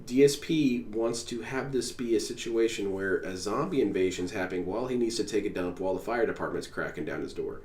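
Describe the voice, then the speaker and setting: A man with a fairly low voice rants in a sarcastic, exasperated way as he reacts to a clip on stream. He sounds a little far from the mic in an echoey room with faint noise under him. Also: brisk, hardly any pauses, a little mellow. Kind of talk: ranting reaction commentary.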